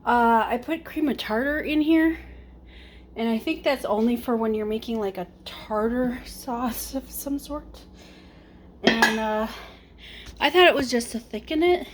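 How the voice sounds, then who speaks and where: A young woman talks to her camera while cooking, rambling from one thought to the next at an unhurried, drawn-out pace. Her voice sits a little high, and she is slightly out of breath. A faint hiss of noise sits under the recording. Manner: rambling, chatty, self-talking while cooking. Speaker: vlogger. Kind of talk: casual cooking vlog chat.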